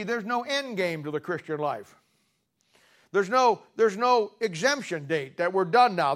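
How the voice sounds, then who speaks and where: A male preacher delivering a sermon with a slightly high voice. He talks in a folksy, conversational way, then jumps into sudden loud, animated bursts before dropping back down.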